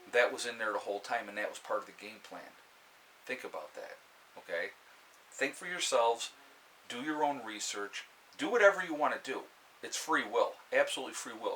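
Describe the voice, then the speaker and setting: A man's voice: mid-range voice, animated, moderate pace, sharp tone, a little hiss or hum, low-quality recording. A man giving an opinionated casual vlog monologue, emphatic and ranting, checking in with frequent "okay?" asides. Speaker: vlogger.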